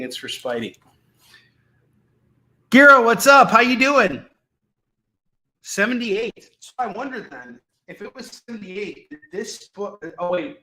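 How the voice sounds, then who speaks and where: A man in his forties hosts a live comic sales stream, full of jokes, goofy asides and bursts of laughter. His voice is bright and forceful, sitting a bit high for a man, and it rings in an echoey room. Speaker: live shopping show host selling comics.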